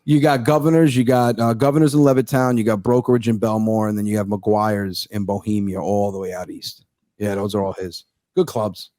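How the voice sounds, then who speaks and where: A young man, a comedian guest, telling stories in casual chat, animated and profane, acting out what other people said. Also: fairly low pitch, fairly quick, no echo.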